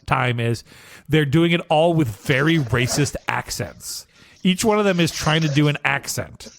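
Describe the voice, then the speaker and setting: A man co-hosting a casual podcast, telling a story with lively asides and frequent "okay?" check-ins. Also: a little high, no room sound, clean studio sound. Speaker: podcast co-host.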